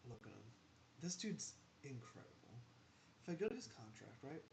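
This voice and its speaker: A man's voice: mid-range voice, big pitch swings, normal speed, vocal fry, a little mellow, a little hiss or hum. A man giving casual gameplay commentary as a gaming channel host, rambling in asides and talking back to the game.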